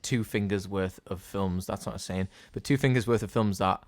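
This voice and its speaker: A man co-hosting a casual podcast chat, blunt and sweary, slipping into quick impressions of other people. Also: fairly low pitch. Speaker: podcast co-host.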